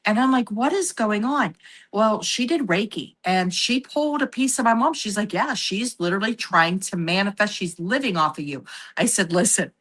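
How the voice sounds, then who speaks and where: A woman's voice: mid-range voice, animated, moderate pace, fairly bright tone. A woman telling a personal story in a casual podcast chat, acting out the voices of the people she quotes. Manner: acts out quoted voices, laughs while telling. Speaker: psychic medium guest.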